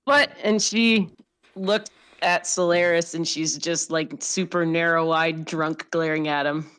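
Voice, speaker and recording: A woman's voice: low voice, fairly even intonation, unhurried, a bit bright, clean tone. A young woman in her twenties roleplaying a drunk, slurring, swearing character at a tabletop game.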